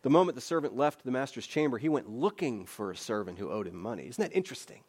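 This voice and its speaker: A man's voice: mid-range voice, lively intonation, quick pace, darkish tone. A man preaching a sermon as pastor, earnest and emphatic, with repeated phrases and conversational rhetorical questions.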